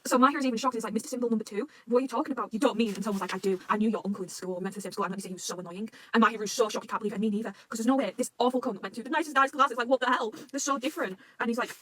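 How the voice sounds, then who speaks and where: A woman reacting to a manga arc, rambling and swearing often, swinging between rants and excitement. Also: on the high side, no room sound. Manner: swears constantly, rambling, quick emotional swings.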